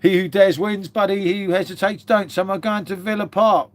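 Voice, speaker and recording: A man's voice: sits high, fairly even intonation, fairly quick. A man chatting casually on a live stream, swearing freely and calling his viewers mate.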